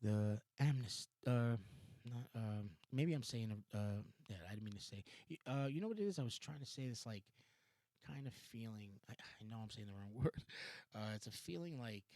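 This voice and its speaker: A man's voice: medium pitch, animated, normal speed, warm tone, no room sound. A man with a Los Angeles accent hosting a rambling solo talk show at his home computer, meandering, interrupting himself, swearing casually and laughing often. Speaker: podcast host.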